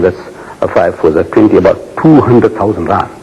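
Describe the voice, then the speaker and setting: A man's voice: sits low, brisk. A man giving an emphatic, rhetorical lecture to a live audience, repeating phrases for effect. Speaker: public speaker. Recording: lo-fi recording in a reverberant hall.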